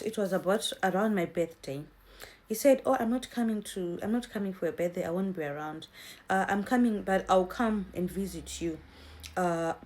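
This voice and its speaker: A woman's voice: lowish voice, a little mellow. A woman in her twenties, from Zimbabwe, chatting to her viewers in a storytime vlog and acting out what people said. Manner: chatty, addresses viewers as guys, acts out quotes. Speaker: vlogger.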